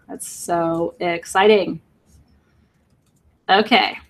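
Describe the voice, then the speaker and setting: A woman hosting a live crystal sale online, talking excitedly to viewers in an emotional, gushing way and laughing often. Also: lowish voice, slow, pauses often. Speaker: livestream crystal seller. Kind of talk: live sales stream, chatting with viewers.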